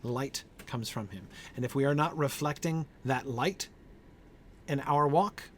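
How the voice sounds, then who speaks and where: Male Bible study leader, mid pitch, conversational, halting, lots of fillers. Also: slight background noise. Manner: thinking aloud with many fillers and "right?" checks; answers group members by name. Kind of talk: informal Bible study discussion.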